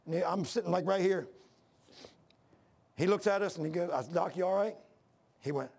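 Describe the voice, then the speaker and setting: A man's voice: sits high, a little fast, gravelly, a little mellow, breathy edge. An older man preaching a sermon, mixing scripture with folksy, plain-spoken stories. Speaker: pastor.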